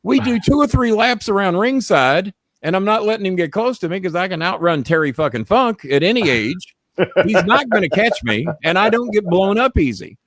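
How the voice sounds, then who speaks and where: A middle-aged man telling a story in casual chat, profane and animated. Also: sits high, normal speed, no room sound. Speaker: storyteller and show host.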